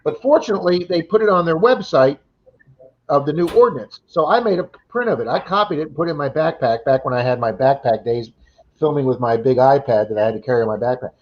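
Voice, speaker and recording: Fast-talking man telling a story. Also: on the high side, slight background noise. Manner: animated retelling, acting out quoted voices. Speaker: livestream chat co-host. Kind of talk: casual storytelling chat. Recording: slightly dull lo-fi livestream audio.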